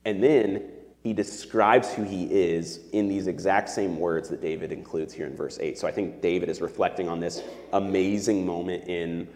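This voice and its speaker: Deep-voiced pastor preaching in a reverberant hall. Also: male voice, steady tone, normal speed, darkish tone. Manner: conversational, earnest, with fillers like "like" and "right?". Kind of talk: sermon. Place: church sanctuary.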